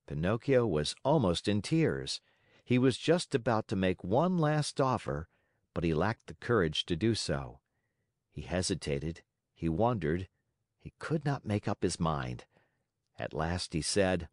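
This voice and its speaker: A man's voice: sits low, very animated, measured pace, no room sound, studio quality. A man reading a children's classic aloud as an audiobook narrator, telling the story expressively and voicing its characters. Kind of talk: scripted narration.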